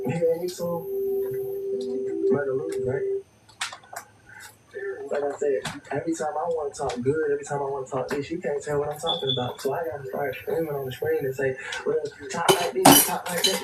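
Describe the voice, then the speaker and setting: A man hosting a livestream, giving a rambling, preachy monologue that swears freely and talks straight to his viewers. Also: fairly high pitch. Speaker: livestream show host. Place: home craft room. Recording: distant mic with room noise and TV.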